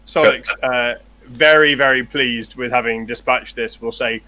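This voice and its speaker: A man playing a tabletop game, talking in a jokey, unhurried way. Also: medium pitch, steady tone, sharp tone, rough recording. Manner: jokey, slow. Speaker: player.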